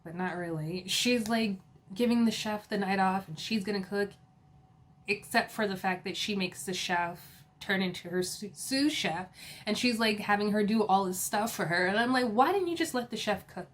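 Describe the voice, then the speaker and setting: A woman hosts a casual recap of a reality TV episode. She talks in a chatty, giggly way, with plenty of fillers and playful asides to her viewers. Her pitch sits in an ordinary middle range. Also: normal speed.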